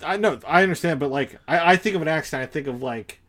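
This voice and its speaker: A man's voice: fairly high pitch, quick pace, fairly bright tone. A man co-hosting a podcast in casual chat, hesitant and circling back as he argues a point. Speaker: podcast co-host.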